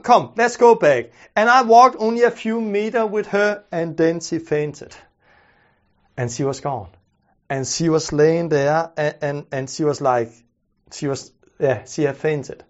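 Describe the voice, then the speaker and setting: Earnest high-voiced man telling a story. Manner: earnest, halting, with many restarts and repeated words. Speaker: preacher telling a testimony. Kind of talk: storytelling testimony. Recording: muffled lo-fi recording.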